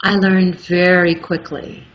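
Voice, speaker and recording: An articulate middle-aged woman, an audiobook narrator appearing as a guest, chats casually in an interview and tells stories with lively energy. Her voice is fairly low and slow. The recording is muffled, with faint background noise.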